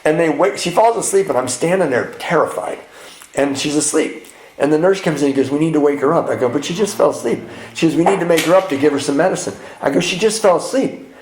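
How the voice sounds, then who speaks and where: In a roomy, echoing retreat hall, a man with a slightly high voice talks fast at a men's retreat, with slight background noise. He openly shares his recovery story and acts out what others in it said.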